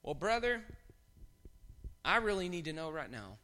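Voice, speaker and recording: Bright-voiced man preaching a sermon. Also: a little high, very animated, moderate pace. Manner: swings from hushed to shouting bursts. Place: church.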